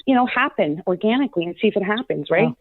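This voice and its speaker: A woman's voice: mid-range voice, animated, fast talker, dry recording. A woman reading as a psychic guest, chatting casually and effusively on a call-in radio show. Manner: chatty, effusive, lots of "like" and "you know". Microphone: phone call-in. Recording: tinny phone line.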